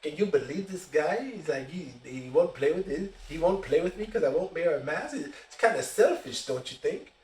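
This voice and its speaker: A man's voice: a little high, expressive, moderate pace, hardly any pauses, a little mellow, pitched below the performer's own voice, lightly acted. Brief: man putting on a sly whiny anti-mask gamer guy, sounding far off in an echoey room. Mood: smug. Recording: roomy echo, distant mic.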